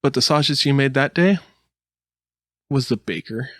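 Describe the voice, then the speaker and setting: A man's voice: mid-range voice, moderate pace, dry recording. Man telling a story on a dry mic. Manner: animated storytelling with laughs and silly put-on voices. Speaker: podcast co-host. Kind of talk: casual chat.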